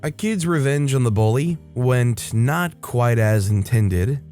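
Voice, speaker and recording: A man's voice: medium pitch, animated, slow, warm tone, soft background music. A man reading online stories aloud, adding casual, chatty commentary between them. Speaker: story narrator.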